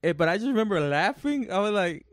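A man's voice: high voice, sing-song, fast talker, dry recording, clean studio sound. A man co-hosting a podcast, telling stories in a rambling, self-correcting way. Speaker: podcast co-host. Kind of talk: casual chat.

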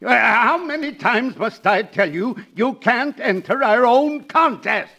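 A bossy, curt company boss. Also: male voice, very high-pitched, animated, measured pace, pushed and bright, full character voice. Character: brusque sponsor company boss. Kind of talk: 1940s radio acting.

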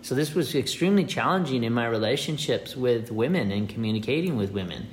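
A man's voice: medium pitch, animated, fairly quick, slight background noise. A man in a casual, rambling monologue who repeats his words as he goes and acts out small scenes.

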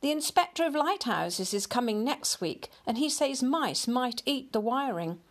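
A jolly husband who chuckles fondly as he talks, with a voice that leaps high and swoops, as a woman puts him on while reading. The delivery is slow and very lively in pitch. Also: exaggerated voice. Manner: chuckling and fond. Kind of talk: storybook reading.

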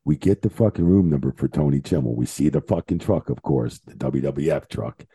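Very deep, gravelly, profane storyteller man. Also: brisk, warm tone. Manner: profane, rambling, lots of swearing. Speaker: guest, retired referee. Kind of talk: casual storytelling.

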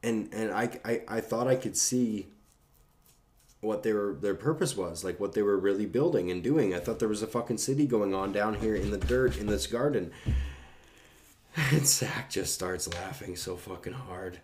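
Deep-voiced man telling a rambling story. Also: moderate pace, darkish tone. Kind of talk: casual anecdote.

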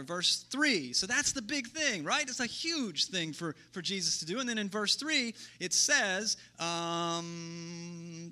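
Bright-voiced pastor preaching conversationally. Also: male voice, sits high. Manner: conversational, thinks aloud with rhetorical questions. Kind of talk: sermon.

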